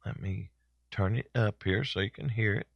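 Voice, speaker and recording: A man hosting a daily broadcast, talking in a relaxed, chatty way with many fillers. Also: lowish voice, moderate pace, vocal fry, no room sound, muffled recording. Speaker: host. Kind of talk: casual daily broadcast talk.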